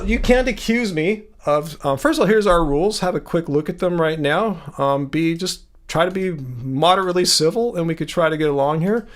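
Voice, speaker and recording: A man hosting a livestream, confronting a commenter from chat and pressing him to make his point, speaking into a home desk mic. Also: on the high side. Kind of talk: casual live-stream debate.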